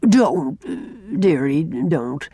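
A woman reading a brisk, homespun farm wife. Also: deep voice, animated, mellow, slightly rough, no echo, clean studio sound, full character voice. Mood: flustered. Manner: blunt, homespun, fond "dearie". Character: brisk, kindly middle-aged farm wife. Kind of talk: audiobook character reading.

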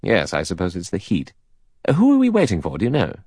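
A man with a deep voice playing an easy, self-assured army captain in a storybook reading. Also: huge pitch swings, fairly quick, a little mellow, husky, dry recording, studio quality, heavily acted.

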